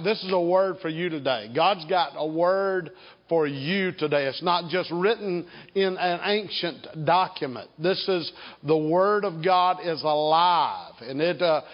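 A pastor delivers a sermon in a church sanctuary, his voice sitting a touch high for a man. He takes his time, leaning hard on key words and calling the congregation to repeat after him. The recording is dull and muffled, with a long reverb tail from the hall. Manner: slow, emphatic, draws out key words; leads congregation in call and response.

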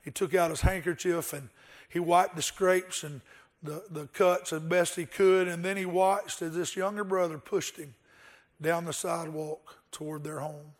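A man's voice: on the high side, steady tone, moderate pace. A male pastor delivering an earnest sermon, with rhetorical questions and a told story.

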